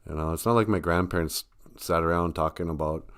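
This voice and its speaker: A man with a fairly low voice hosts a casual live stream and jokes around as he talks. His delivery is rambling and self-deprecating, and laughter comes up often. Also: brisk, fairly bright tone, smooth. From Ojibwe community. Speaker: comedian and live stream host.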